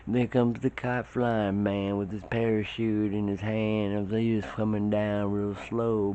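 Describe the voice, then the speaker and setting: A man telling a rambling, profane tall tale in a casual way, his voice shooting up high when the story gets excited. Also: a little hiss or hum. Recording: dull lo-fi recording.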